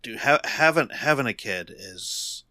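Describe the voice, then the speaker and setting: A young man co-hosting a casual podcast, speaking from the heart in halting, restarting sentences. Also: mid-range voice, animated, pushed and bright, no room sound, clean studio sound. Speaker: podcast co-host.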